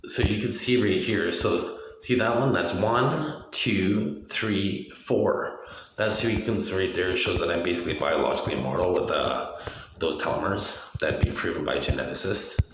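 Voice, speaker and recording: A man's voice: sits low, normal speed, a little hiss or hum. A man in his forties giving an agitated, profane, rambling monologue, full of restarts. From Canada. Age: 40s. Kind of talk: ranting video monologue. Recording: very echoey room.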